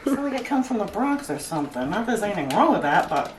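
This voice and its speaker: In a home kitchen, a woman hosts a cooking demonstration, chatting casually and joking as she cooks. Her mid-range voice is sing-song and quick over a noisy background. The mic sits at a distance in the echoey kitchen, picking up cooking clatter.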